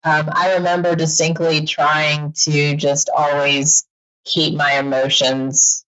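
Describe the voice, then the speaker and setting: A woman talking as a podcast guest in a casual, animated way, laughing often and acting out quick quoted asides. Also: deep voice, lo-fi sound. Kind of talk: casual interview chat.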